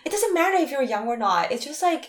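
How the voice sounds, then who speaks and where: An animated young woman telling a story in casual chat, her voice fairly high and swinging widely up and down. She talks in quick, chatty bursts packed with "like" and acts out what people said. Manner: animated storytelling, acts out quoted lines with lots of "like". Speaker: guest telling a dating story.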